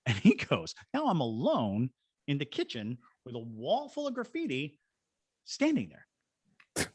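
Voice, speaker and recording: A middle-aged paranormal investigator and ghost tour guide from Georgia, in the United States, tells a story as a podcast guest, acting out the voices of the people in it. His voice is lowish and slightly rough, with no echo.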